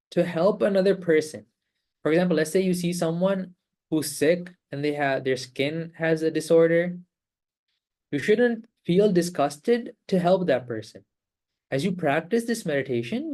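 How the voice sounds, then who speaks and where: A man leading an online meditation class over a video call, explaining calmly with repeated phrases and rhetorical questions. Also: high voice. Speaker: meditation teacher.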